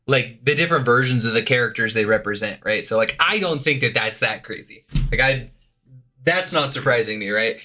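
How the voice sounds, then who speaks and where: A man's voice: mid-range voice, bright, forceful tone. A young man reacting to a video on a live stream, chatting casually with lots of swearing, fillers and laughter. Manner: loose, profane, laughs often, lots of fillers.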